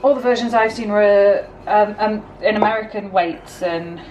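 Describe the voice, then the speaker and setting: A woman's voice: mid-range voice, normal speed, a little mellow, muffled recording, slight background noise. A woman, chatting casually through a home baking vlog, self-deprecating and easygoing. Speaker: vlogger. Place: home kitchen.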